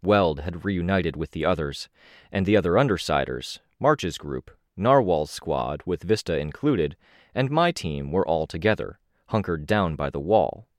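A man narrating an audiobook in the first person, with a steady, measured delivery. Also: deep voice, dry recording, clean studio sound.

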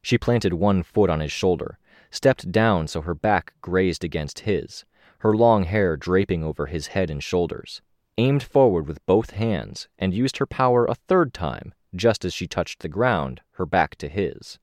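A man reading a first-person story aloud as an audiobook narrator, steady and measured, with lifts on the action beats. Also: deep voice, no echo, studio quality.

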